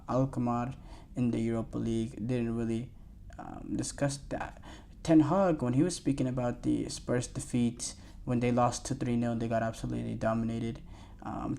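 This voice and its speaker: A man's voice: mid-range voice, vocal fry, warm tone, slight background noise. A man hosting a sports podcast, talking casually on his own, with loose rambling delivery and frequent fillers and restarts. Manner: loose and rambling, many fillers and restarts, reads quotes aloud. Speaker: podcast host.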